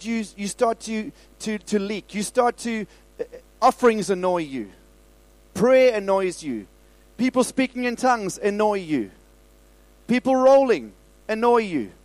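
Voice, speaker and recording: A middle-aged man from South Africa preaching a lively sermon, repeating phrases and stumbling over restarts. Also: sits high, no room sound, low-quality recording. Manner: animated, repetitive preaching with stammered restarts. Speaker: pastor. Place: church service.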